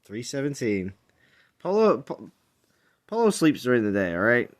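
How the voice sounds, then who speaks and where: A man's voice: mid-range voice, big pitch swings, normal speed. A man hosting a casual game stream, chatting and teasing his friends on voice chat and talking through his game progress.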